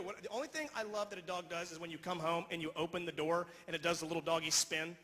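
A male stand-up comedian ranting on stage into a handheld mic and tossing out "all right?" between jokes. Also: fairly high pitch. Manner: rapid rant with repeated "all right?". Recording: reverberant hall, faint noise.

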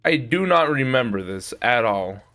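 With slight background noise, a man with an expressive mid-range voice streams a shooter game at a moderate pace. He keeps swearing and shouting at the game, griping about his health while enemies take him out.

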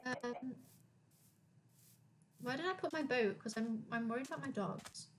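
A woman's voice: fairly high pitch, a little slow, a little hiss or hum. A young woman streaming a game, chatting casually and reading chat aloud.

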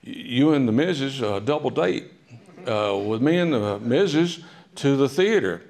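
A man plays a folksy, friendly president asking a favor, easygoing and a little hesitant. The voice sits slightly higher and softer than his own. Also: lively intonation, vocal fry. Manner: casual, halting invitation. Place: public library meeting room.

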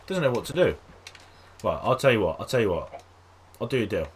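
Chatty man, husky lively voice. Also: fast, long pauses. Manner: chatty, coaxes animals in a high sing-song voice. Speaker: gaming video host. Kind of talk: casual let's-play commentary.

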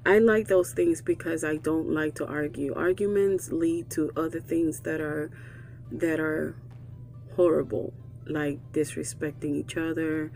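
Woman vlogger, gravelly, earnest confessional talk, faint music under. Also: low voice, dark tone. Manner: earnest, reflective, frequent restarts and fillers. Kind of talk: candid personal talk.

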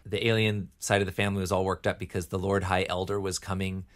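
Casting: middle-aged man, lowish voice, relaxed self-deprecating guest in a chat. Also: quick pace. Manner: good-humored, self-deprecating. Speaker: podcast guest, puppeteer. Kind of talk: casual chat.

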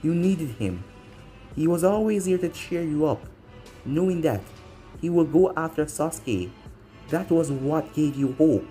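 A man voicing an angry, grieving older woman ninja leader who shouts in anguish. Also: on the high side.

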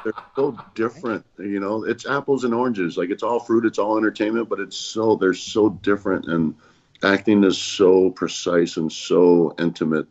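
A man's voice: on the low side, steady tone, moderate pace, a little mellow. A man talking as a podcast guest in an earnest, reflective way. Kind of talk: casual chat. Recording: muffled lo-fi.

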